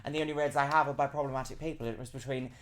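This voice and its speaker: A woman streaming a game live, chatting casually and playfully, jumping now and then into high squeals. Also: fairly even intonation, racing.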